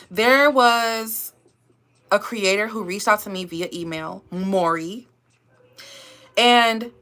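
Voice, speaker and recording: Brief: woman vlogger, bright slightly high voice, emphatic motivational pep talk, plenty of repetition. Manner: emphatic, repetitive, calls viewers y'all and babe. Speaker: YouTuber.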